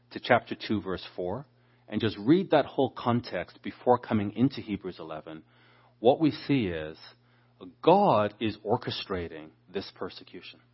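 Husky low-voiced man teaching scripture. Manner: expository, acts out quoted speakers. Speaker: preacher. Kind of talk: Bible teaching. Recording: dull lo-fi sound.

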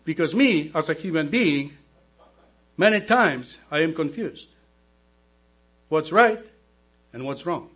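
Male deacon, non-native English speaker, slightly raised pitch, slow emphatic sermon over a mains hum. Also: animated, fairly bright tone, breathy edge. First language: not English. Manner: slow, emphatic preaching with rhetorical questions to the congregation.

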